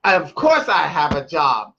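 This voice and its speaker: A man voicing a cool-headed, proud mother of four who speaks deliberately and stresses her words. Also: a little high, gravelly, husky, dull audio, exaggerated voice. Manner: calm, deliberate, emphatic.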